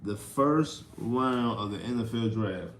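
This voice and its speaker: A man hosting a livestream and ranting about sports in casual slang. He repeats himself, swings from loud outbursts to mutters, and sounds exasperated. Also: mid-range voice, lively intonation, slow pace, roomy sound, a little hiss or hum. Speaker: livestream host.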